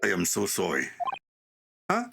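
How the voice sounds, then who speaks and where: A man's voice: wildly swooping pitch, creaky, full character voice. A man voicing a solemn undercover police inspector with a mock Russian accent, grave and apologetic. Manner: grave, apologetic, slow and low. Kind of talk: game dialogue read-through. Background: game music.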